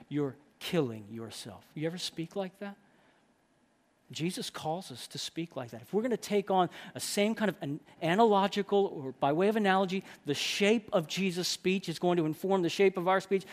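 A man preaching a sermon to a group of men, emphatic and full of rhetorical questions. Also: high-pitched.

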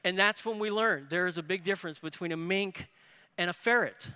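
High bright-voiced man preaching in a hall. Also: fairly quick, clear, resonant tone. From New Orleans area. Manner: storytelling with rising excitement. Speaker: pastor. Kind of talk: sermon. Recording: reverberant hall.

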